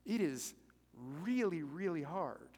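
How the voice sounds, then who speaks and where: A man preaching a sermon as pastor, animated and conversational, joking with the congregation between points. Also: high-pitched, takes it slowly. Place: church sanctuary. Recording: reverberant hall.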